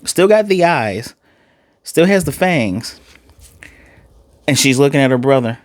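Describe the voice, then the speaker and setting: A man giving a casual, animated recap and reaction to an anime episode, acting out the characters' lines in quick asides. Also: mid-range voice, dry recording, clean studio sound. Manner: loose and chatty, with fillers and self-corrections. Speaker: anime reviewer.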